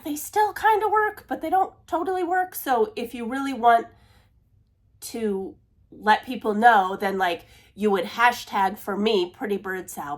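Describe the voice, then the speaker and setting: A woman talks casually through her stitching projects at a middle pitch. She laughs at herself and apologizes often. Now and then she drops to a near-whisper when she fumbles. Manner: chatty, self-deprecating, laughs and apologizes often. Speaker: cross-stitch vlogger. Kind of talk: casual chat.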